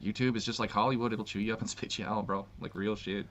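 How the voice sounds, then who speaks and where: A man's voice: fairly low pitch, fairly even intonation, fast, a bit bright. A man ranting in a brash, slangy way, saying "bro" often. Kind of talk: casual rant. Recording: dull lo-fi clip with faint noise.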